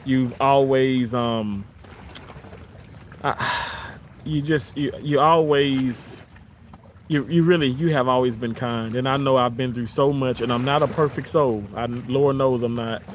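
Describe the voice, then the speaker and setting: A man with a Southern American accent, chatting casually on a live stream outdoors by the water, warm and grateful as he reads out viewers' messages. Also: mid-range voice, measured pace, slight background noise. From Southern United States. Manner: warm, grateful, chuckles often. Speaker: live-stream host reading chat.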